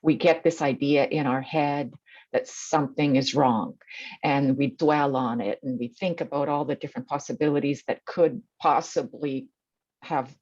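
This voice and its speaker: Woman co-host, very deep husky voice, thoughtful and unhurried, muffled dry recording. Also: dry recording. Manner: thoughtful, relaxed, halting. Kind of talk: casual conversational podcast talk. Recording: dull, slightly muffled sound.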